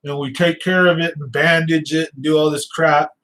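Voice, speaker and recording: A man's voice: on the high side, level tone, a little fast, fairly bright tone, slight background noise, low-quality recording. Rambling man with a slight lisp. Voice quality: slight lisp, sometimes gets stuck on words. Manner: loose storytelling with fillers and restarts. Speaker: fishing channel host. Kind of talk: casual rambling chat.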